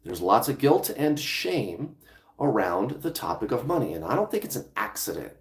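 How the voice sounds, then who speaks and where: A lowish voice with big pitch swings carries this casual vlog monologue at normal speed. The speaker is a law of attraction coach who talks conversationally, sometimes restarting phrases and occasionally swearing, all in an echoey room.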